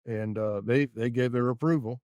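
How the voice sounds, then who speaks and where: A man's voice: mid-range voice, steady tone, moderate pace, a little mellow, dry recording, studio quality, close to an everyday voice. A man putting on a folksy hillbilly promoter. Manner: put-on hillbilly drawl, folksy and haggling.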